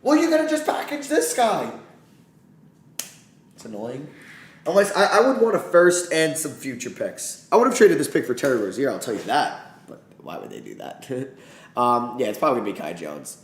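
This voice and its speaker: A man's voice: mid-range voice, very animated, normal speed, roomy sound, a little hiss or hum. A man hosting a live reaction stream, ranting as an exasperated sports fan.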